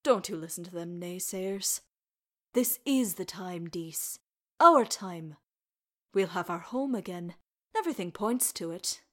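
A woman's voice: on the low side, expressive, measured pace. A woman voicing a kindly, stubborn old deaf male dwarf healer with homely, folksy speech.

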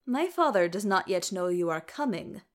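A woman's voice: medium pitch, sing-song, moderate pace, natural voice. A woman reading the part of a blunt, stubborn male dwarf who speaks directly. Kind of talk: audiobook character reading.

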